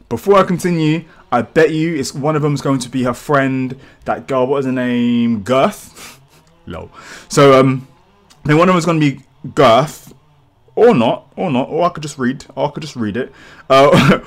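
Male reaction vlogger, mid-pitched, excitable and rambling, a bit under the weather. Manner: excitable, rambling, casual swearing. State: feeling sick, clearing throat. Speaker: channel host. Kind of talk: live manga reaction commentary.

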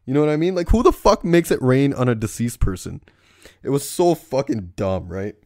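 A man's voice: mid-range voice, animated, moderate pace, a little mellow, no room sound, studio quality. A young man from Surrey, British Columbia, doing a profane comedic rant as a movie reviewer. He keeps tagging his sentences with "right?".

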